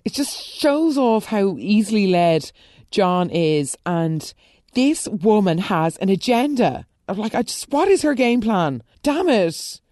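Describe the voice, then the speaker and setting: A woman giving a casual, opinionated soap recap, now and then jumping up in excited bursts. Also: measured pace, dry recording, studio quality. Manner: chatty, opinionated, exclaiming in high bursts. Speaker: soap opera recap host.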